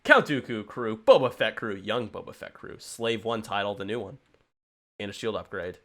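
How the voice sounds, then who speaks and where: A man hosting a casual game stream, rambling and telling stories with quick impressions. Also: fairly low pitch, expressive, pushed and bright. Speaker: stream commentator and host.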